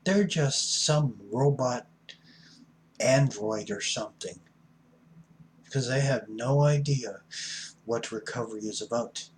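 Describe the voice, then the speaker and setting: A man's voice: medium pitch, slow, long pauses, a little hiss or hum. A middle-aged man giving a blunt, folksy recovery talk as an addiction counselor, preachy and punching certain words hard. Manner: blunt, folksy, preachy with sudden loud emphasis.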